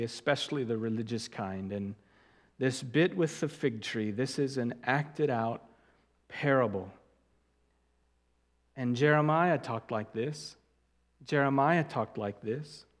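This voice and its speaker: A man preaching an expository sermon, stressing key words loudly and dropping to quiet asides. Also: medium pitch. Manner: emphatic, deliberate, swings from loud stresses to quiet asides. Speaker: pastor. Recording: long hall reverb.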